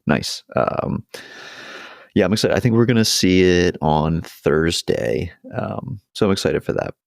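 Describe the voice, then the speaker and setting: Young guy cohost, low gravelly voice, giggly retelling, dry mic. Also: unhurried, dry recording. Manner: laughs often, animated retelling. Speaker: podcast co-host. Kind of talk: casual chat.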